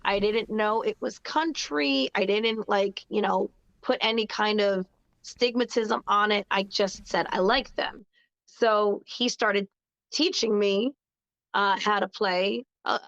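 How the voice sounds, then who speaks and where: A woman's voice: medium pitch, fairly bright tone, dry recording, muffled recording. A woman in her thirties from New Jersey, talking in a casual, upbeat interview with lots of fillers and restarts. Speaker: guest singer-songwriter.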